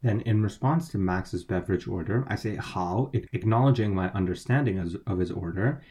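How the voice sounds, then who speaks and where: A man's voice: fairly low pitch, a little fast, darkish tone. A man teaching, walking through a dialogue and explaining each word and tone step by step. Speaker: language teacher.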